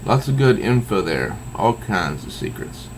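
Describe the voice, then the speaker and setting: A man's voice: fairly low pitch, very animated, unhurried, a little hiss or hum, poor audio. A man voicing an odd young man with ancestral memory powers, speaking casually and hesitantly. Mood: offhand. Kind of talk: reading comic dialogue aloud.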